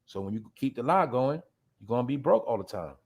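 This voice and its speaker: A man's voice: medium pitch, big pitch swings, a little fast, slightly rough, lo-fi sound. A man hosting a show, delivering blunt, profane commentary, calling out to his listeners as y'all and laughing at his own jabs. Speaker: show host. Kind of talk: ranting commentary.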